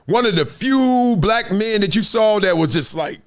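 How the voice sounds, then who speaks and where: A middle-aged man with a Southern California accent hosts a live show and tells his story with a high, bouncing voice. He acts out the quotes as he goes and laughs often. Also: lively intonation, moderate pace, clean tone. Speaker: host.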